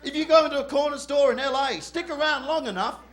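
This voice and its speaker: Brash, loud Australian comedian with a very high voice. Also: male voice, fast talker. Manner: loud, brash, profane, often shouting and laughing. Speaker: stand-up comedian. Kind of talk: stand-up comedy set. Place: live comedy club stage.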